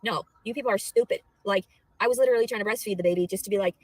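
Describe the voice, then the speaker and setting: A young adult woman vents in a profane, rambling rant. She talks fast, swears nearly every line, and drops to murmurs between outbursts. The recording is dry, with no room sound. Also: mid-range voice, no echo, poor audio. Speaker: vlogger.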